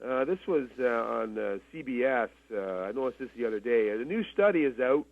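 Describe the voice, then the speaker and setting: A man from Canada, co-hosting a radio talk show in a casual but deliberate way, slowing down to stress his points. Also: mid-range voice, expressive, gravelly. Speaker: radio co-host. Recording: tinny phone line.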